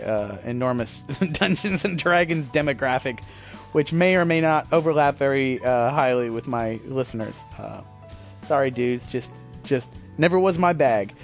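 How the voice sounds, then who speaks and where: A man hosting his podcast in a rambling, self-deprecating casual monologue, swearing freely. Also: mid-range voice. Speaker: podcast host.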